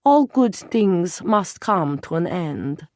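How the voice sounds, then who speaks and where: In this audiobook scene a gruff male Russian intelligence officer, put on by a woman narrator, talks down to the men around him. He snarls his words and sounds blunt and threatening. The voice sits fairly low and the recording is dry and close. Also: sing-song, slow, darkish tone, dry recording. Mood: weary.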